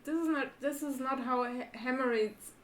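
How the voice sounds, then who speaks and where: A woman's voice: high-pitched, moderate pace, fairly bright tone. A woman co-hosting a casual livestream, chatting playfully with her partner. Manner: playful, chatty, laughs easily. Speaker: livestream co-host. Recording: echoey room.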